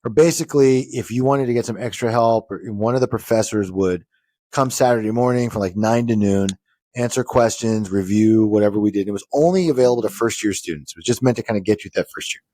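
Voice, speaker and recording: A man's voice: on the low side, fast talker, warm tone, dry recording, clean studio sound. A man co-hosting a casual chat show, telling stories in a profane, mock-pompous, teasing way. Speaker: podcast co-host.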